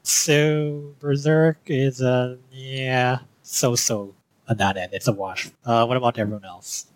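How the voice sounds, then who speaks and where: A man's voice: mid-range voice, steady tone, slow, rough recording. A man giving a casual film review on a podcast, rambling with frequent fillers and restarts. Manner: rambling, hesitant with many fillers. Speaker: podcast co-host.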